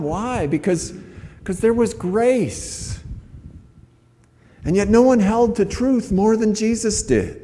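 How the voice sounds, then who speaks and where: A man's voice: sits high, mellow, in a large hall. A man preaching a sermon as a pastor, earnest and conversational, often restarting his phrases.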